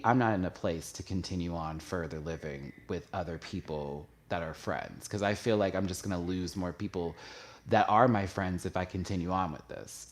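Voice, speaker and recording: Host, male, low voice, candid confessional talk that swells with emotion. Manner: emotional, confessional, hesitant with restarts; gets louder and higher when stirred. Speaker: YouTube show host. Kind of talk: candid personal talk to viewers.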